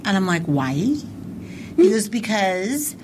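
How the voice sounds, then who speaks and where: A woman's voice: mid-range voice, sing-song, slow, darkish tone, slight background noise. A middle-aged woman co-hosting a podcast, retelling a heated story in casual chat and acting out both sides of the argument. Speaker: podcast co-host.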